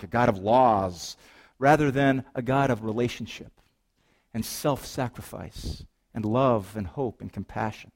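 A man preaching a sermon as pastor, reading scripture and then riffing on it with playful asides and rhetorical questions to the congregation. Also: mid-range voice.

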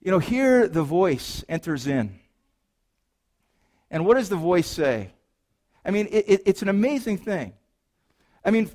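A man's voice: sits high, very animated, a little slow, long pauses, darkish tone. A man preaching a sermon as pastor, reading scripture and then riffing on it with playful asides and rhetorical questions to the congregation.

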